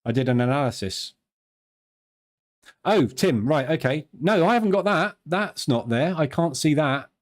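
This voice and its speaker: A man's voice: fairly high pitch, lively intonation, unhurried. Chatty southern English man. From southern England. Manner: chatty, jokey, laughs easily, answers viewers' questions aloud. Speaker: live trading stream host. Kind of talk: casual live-stream chat.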